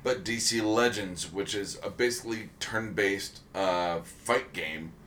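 A man's voice: fairly low pitch, measured pace, a bit bright, slight background noise. A man co-hosting a casual podcast chat, rambling with many ums and restarts. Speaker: podcast co-host.

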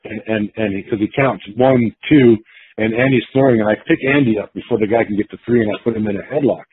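A man's voice: lowish voice, fast talker, husky. A man casually telling a long story, acting out the quotes of the people in it, with many restarts. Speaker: guest storyteller. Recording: tinny phone-like line.

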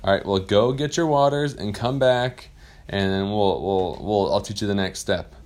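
A man's voice: fairly low pitch, normal speed, a little mellow, lightly acted. A man doing Tinkerbell, a bossy little fairy teacher. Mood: instructive. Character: cheerful female fairy teacher, small and bossy.

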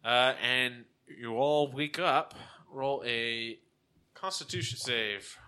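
A man narrating a tabletop game as game master, in a halting, self-correcting, casual way. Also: medium pitch, pushed and bright, smooth.

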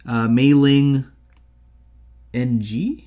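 A laid-back man co-hosting a casual podcast. He laughs easily and drops casual swears. His voice sits at a middling pitch for a man. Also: steady tone, drawn-out words, dark tone. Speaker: podcast co-host. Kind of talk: casual chat.

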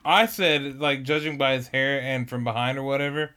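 A tired man co-hosting a podcast, giving low-key, brief replies in casual chat. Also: steady tone, normal speed, pushed and bright, smooth. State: tired, yawning. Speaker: podcast co-host.

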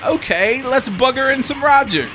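A man putting on a lewd, mock-posh English gentleman in an exaggerated, silly comic way. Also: very high voice, animated, slow pace, soft background music, pitched above the performer's own voice, full character voice. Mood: gleeful.

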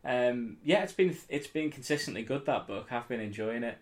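A man co-hosting a relaxed podcast. He talks in a laid-back, dry manner, trailing into casual fillers. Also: mid-range voice, moderate pace. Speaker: podcast co-host. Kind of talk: casual chat.

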